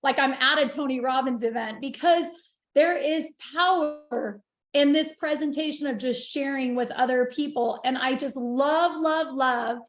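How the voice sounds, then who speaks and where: A woman's voice: sits high, measured pace, reverberant. A woman on a group video call, speaking passionately and getting emotional as she praises the others. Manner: gushing, passionate, wells up with emotion. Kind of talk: emotional casual sharing.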